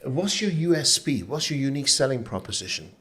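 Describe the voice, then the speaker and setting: A man's voice: medium pitch, big pitch swings, fairly quick, fairly bright tone, breathy edge. A man hosting an interview, asking the guest direct, probing questions. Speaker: interview host.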